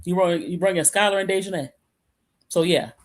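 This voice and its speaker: A Michigan woman co-hosting a laid-back sports podcast talks a little fast in a fairly low voice. The remote call picks her up off-mic at her computer, and her talk rambles with frequent restarts.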